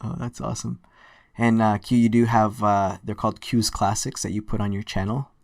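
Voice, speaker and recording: A man hosting a casual online chat, relaxed and enthusiastic, with many fillers. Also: lowish voice, normal speed, creaky, no room sound, clean studio sound. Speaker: podcast host. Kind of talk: casual video-call chat.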